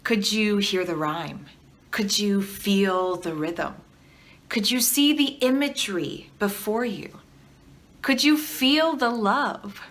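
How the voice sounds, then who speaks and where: A woman's voice: mid-range voice, a bit bright. A woman teaching artist giving an educational video lesson, encouraging and asking the viewer questions, leading them to repeat after her. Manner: encouraging, asks the viewer questions and leads call-and-response.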